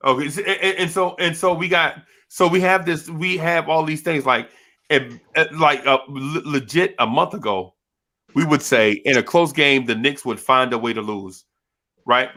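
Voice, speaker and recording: A man from Jersey City hosting a casual sports podcast, animated and slangy, piling up quick restarts as he talks. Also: on the high side. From Jersey City, New Jersey. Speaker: podcast host.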